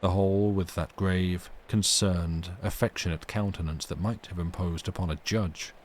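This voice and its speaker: Brief: male storyteller, low register, measured read-aloud of a classic novel. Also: fairly even intonation, a little hiss or hum. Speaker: reader. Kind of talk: reading a novel aloud on a livestream.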